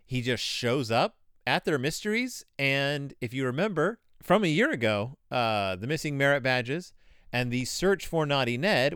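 A man's voice: mid-range voice, fairly bright tone, smooth, no echo, clean studio sound. A male podcast host giving casual comedic commentary on children's books, sarcastic and rambling with many asides.

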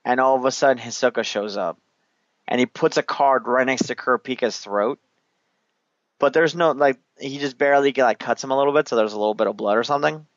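A man's voice: medium pitch, a little fast, no echo. A man talks casually, retelling a film scene by scene with plenty of swearing and easy laughter. His voice sits mid-range. The recording is dull and dry, with no room sound. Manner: loose, profane, laughing storyteller. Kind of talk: casual chat recapping a movie.

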